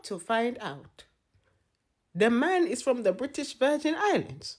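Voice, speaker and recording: A woman's voice: fairly high pitch, sing-song, unhurried, darkish tone. A young woman doing comedic rants and mock courtroom sentencings with an exasperated, sarcastic delivery. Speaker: comedy content creator.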